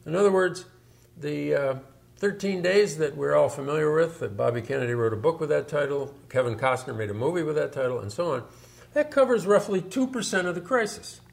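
A man's voice: fairly high pitch, a little fast, creaky. A man talking through history in an emphatic, storytelling way. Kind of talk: explanatory discussion.

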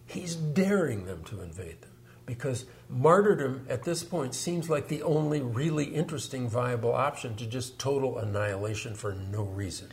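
A man's voice: mid-range voice, lively intonation, normal speed, vocal fry, a little mellow, slight background noise. A man talking through history in an emphatic, storytelling way. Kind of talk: explanatory discussion.

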